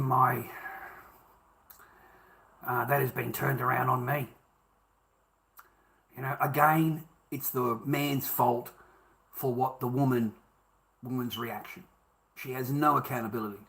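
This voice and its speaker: A man's voice: fairly high pitch, a bit bright. A man with an Australian accent, ranting to his viewers with heavy swearing. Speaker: vlogger. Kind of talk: angry monologue to camera.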